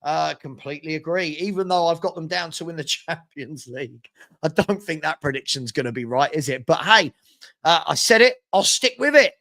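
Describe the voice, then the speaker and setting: A man's voice: a little high, animated, normal speed, creaky, pushed and bright. A young man chatting casually as host of a live football watchalong, reading out and answering viewer comments. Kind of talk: casual live-stream chat.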